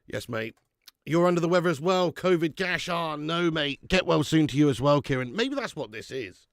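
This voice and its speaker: A man's voice: a little high, lively intonation, moderate pace, gravelly, dry recording, clean studio sound. A man hosting a live football watch-along, sick with flu, talking bluntly and swearing as he banters with viewers. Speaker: football fan channel host.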